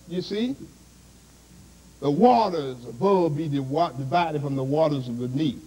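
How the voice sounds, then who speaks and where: A man's voice: fairly high pitch, unhurried, warm tone, husky, low-quality recording. A man preaching a sermon to a congregation, constantly asking "see?" and "you understand?".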